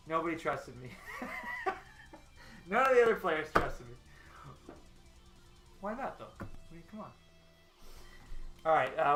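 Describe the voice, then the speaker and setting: This storyboarding stream is hosted by an artist with a fairly high, fairly bright voice. He chats casually as he works, rambling and laughing a lot. Faint music plays in an echoey room.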